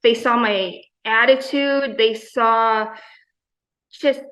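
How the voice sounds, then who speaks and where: A woman's voice: on the high side, steady tone, takes it slowly, a bit bright, low-quality recording. A woman in her forties, a gym member talking in a casual interview, enthusiastic and rambling, full of fillers and quoted asides.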